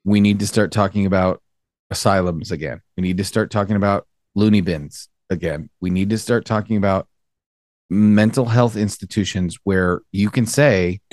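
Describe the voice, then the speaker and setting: A man's voice: low voice, normal speed, darkish tone, no room sound. Opinionated man on a dry podcast mic. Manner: opinionated, builds points by repeating phrases. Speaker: podcast co-host. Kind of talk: casual podcast banter.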